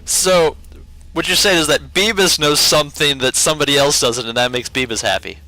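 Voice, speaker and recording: A man's voice: on the high side, brisk, sharp tone, no echo, low-quality recording. A man playing a tabletop game, jokey and laughing often. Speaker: player. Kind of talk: casual chat at a tabletop game.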